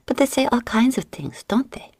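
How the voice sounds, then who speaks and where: A woman voicing a flirtatious tavern woman with a French accent, teasing and dropping into breathy whispers. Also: mid-range voice, lively intonation, moderate pace, dark tone, dry recording, voice pushed up. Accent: French-flavored English. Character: flirtatious sultry tavern woman, sailor's wife.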